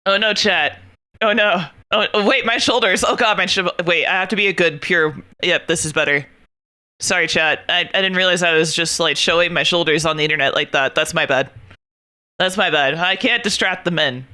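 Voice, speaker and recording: A young adult woman streaming and chatting casually, excitable and laughing often, swearing freely as she talks. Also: fairly low pitch, fairly quick. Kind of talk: casual chat while gaming.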